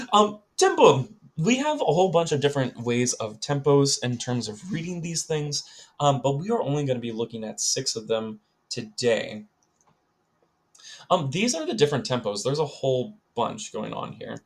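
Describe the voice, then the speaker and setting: A young man teaching a recorded music lesson to children, chatty, talking straight to the students and filling pauses with lots of ums. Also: mid-range voice. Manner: chatty, addresses students directly, many ums.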